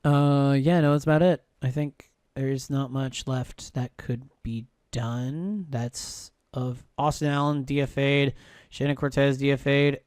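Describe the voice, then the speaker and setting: A man's voice: medium pitch, steady tone, a little slow, darkish tone, clean tone, no echo, studio quality. A man playing a baseball video game on a live stream, muttering, thinking aloud and swearing freely as he checks player moves. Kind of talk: casual live-stream commentary.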